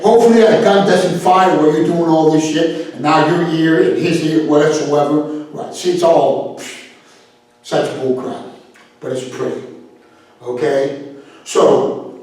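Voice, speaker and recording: Blunt man in a very echoey room. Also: on the high side. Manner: blunt, animated, swears freely. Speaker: self-defense instructor. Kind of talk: podcast monologue. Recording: very echoey room, far from the mic.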